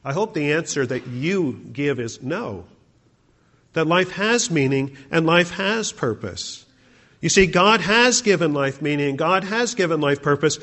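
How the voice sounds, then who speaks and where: A man's voice: fairly high pitch, animated, a little slow, a bit bright. A male pastor preaching a sermon, asking the congregation rhetorical questions.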